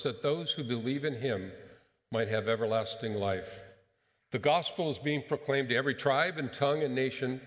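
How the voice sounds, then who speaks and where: In a large hall, a male pastor with a medium-pitched, slightly bright voice gives a sermon. He speaks with measured emphasis and puts rhetorical questions to his listeners.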